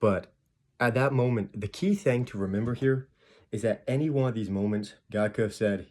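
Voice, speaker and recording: A man casually retelling and explaining a Bible chapter, acting out the people in the stories with quick voices. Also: lowish voice, a little mellow. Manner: chatty, retells scenes with quick acted voices. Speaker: Bible video host.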